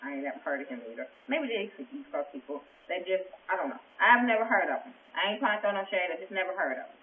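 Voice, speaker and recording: A woman's voice: on the low side, lively intonation, fast, a little hiss or hum. Brief: outspoken woman recapping reality TV, gossipy and profane, echoey room on a phone-like mic. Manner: blunt, gossipy, swears freely. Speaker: TV recap vlogger. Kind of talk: casual episode recap. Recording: echoey, tinny phone-like sound.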